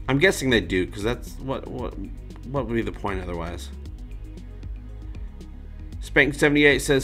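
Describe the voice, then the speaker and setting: A man's voice: mid-range voice, lively intonation, measured pace, pauses often, fairly bright tone, soft background music. A man hosting a casual livestream, reading out viewer comments and joking around in a loose, rambling way. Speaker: livestream host.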